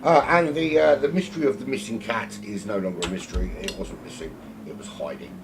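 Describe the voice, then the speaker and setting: A man's voice: deep voice, big pitch swings, quick pace, background noise. A man from South London with a South London accent, commentating on a sim race from home in a rambling, self-mocking, chatty way.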